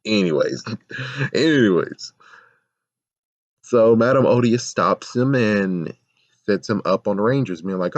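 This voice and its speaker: Low-voiced man ranting in a review. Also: expressive, takes it slowly, long pauses, no echo, dull audio. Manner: rambling, exasperated, swears a lot. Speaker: show reviewer. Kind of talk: casual video review rant.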